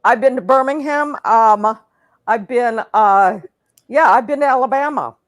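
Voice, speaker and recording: A woman guest chatting on a live show, halting and hesitant in her speech. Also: a little high. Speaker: guest performer. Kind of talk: casual chat.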